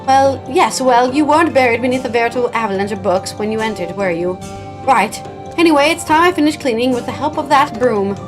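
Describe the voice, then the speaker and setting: A woman voicing a composed, scholarly young female mage as she reads game dialogue aloud, measured and formal. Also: on the high side, over music, lightly acted. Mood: dry.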